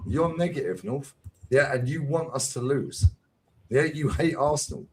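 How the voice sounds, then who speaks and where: A man's voice: mid-range voice, a loud crowd, rough recording. A man with a London accent, bantering animatedly about football as a fan channel co-host. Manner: animated, boisterous, slangy, quick to laugh.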